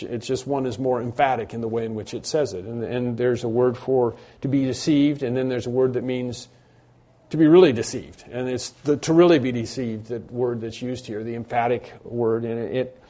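A pastor preaching an expository sermon in a conversational way, with many fillers and restarts, rising to emphatic bursts on key points. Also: male voice, mid-range voice, normal speed, mellow.

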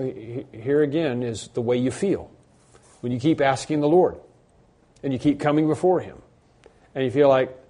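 Mellow-voiced man preaching a sermon. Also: medium pitch. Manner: reads scripture aloud, then comments with fillers and restarts. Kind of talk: sermon with scripture reading.

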